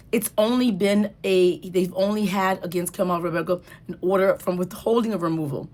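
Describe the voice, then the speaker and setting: Low-pitched woman legal commentator, chatty and emphatic, casual explainer. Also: moderate pace, few pauses, a little mellow. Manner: conversational, grows heated and emphatic.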